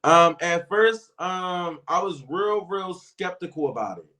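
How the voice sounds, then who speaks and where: A man's voice: high voice, lively intonation, a little slow, pushed and bright. Rambling young-sounding man on a livestream. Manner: rambling, lots of filler words and restarts. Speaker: livestream show guest. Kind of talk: casual chat.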